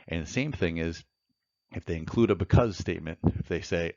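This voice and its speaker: A man's voice: sits low, fast talker, a little mellow, no room sound, muffled recording. A man teaching evidence law in a methodical lecture, walking through courtroom examples step by step. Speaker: law instructor.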